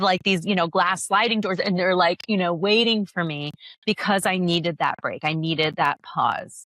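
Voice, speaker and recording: A woman's voice: on the low side, pushed and bright, dry recording. A woman guest on a podcast, talking candidly about parenting as a yoga teacher, laughing often and restarting her sentences. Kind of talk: conversational podcast interview.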